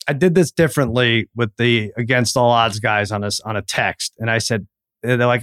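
A man's voice: mid-range voice, brisk, fairly bright tone, dry recording, studio quality. A man co-hosting a casual sports chat, rambling and acting out quoted remarks. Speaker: sports podcast co-host.

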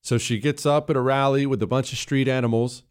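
A man's voice: medium pitch, steady tone, fairly quick, smooth. A man hosting a political commentary show, talking in a combative, sarcastic and mocking way as he reacts to clips.

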